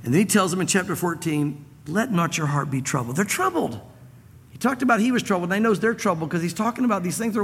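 A man's voice: sits high, sing-song, fast, gravelly, breathy edge. A man preaching a sermon to a congregation, conversational, repeating phrases and acting out dialogue. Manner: conversational, repeats himself, acts out quoted dialogue. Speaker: pastor. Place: church hall with audience. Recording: reverberant church hall.

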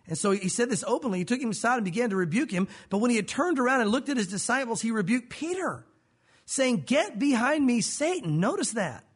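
A male pastor delivers an animated sermon at a quick clip. His voice sits high and sounds husky, and he slips into little acted-out voices as he teaches.

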